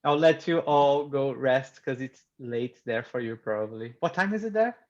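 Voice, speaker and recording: A man hosting a casual video call chat, laughing often and throwing in quick asides. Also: medium pitch, expressive, a little mellow, highs cut off. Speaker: host.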